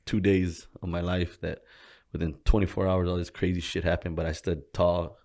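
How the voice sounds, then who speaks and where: Low, gravelly man telling stories casually. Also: a little fast. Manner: profane, animated storytelling with slang. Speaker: gym co-owner, interview guest. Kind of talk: casual storytelling interview.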